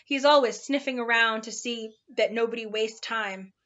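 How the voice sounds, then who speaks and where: Lazy, drowsy storybook townsfolk, as a woman reader puts them on, droning through their idle day in a sing-song. The voice is bright and a little high, and the recording sounds dull. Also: fairly even intonation, normal speed, lightly acted.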